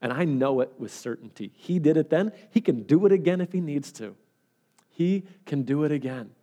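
A man's voice: fairly high pitch, lively intonation, moderate pace, mellow. A male pastor preaching a sermon in an earnest, conversational way and telling stories.

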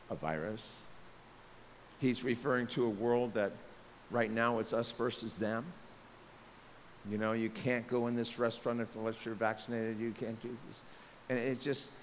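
A man preaching a sermon, animated, acting out the voices of the people he describes. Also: mid-range voice. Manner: animated, acts out voices of people, jokes aside. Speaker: pastor. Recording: long reverb, faint hiss.

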